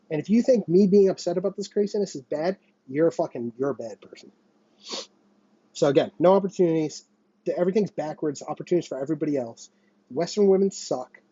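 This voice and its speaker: A man's voice: fairly high pitch, warm tone, slightly rough, lo-fi sound. A man in his thirties from the United States, hosting his channel with an agitated, profane monologue that circles back on itself. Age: 30s. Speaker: channel host. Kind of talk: ranting monologue to camera.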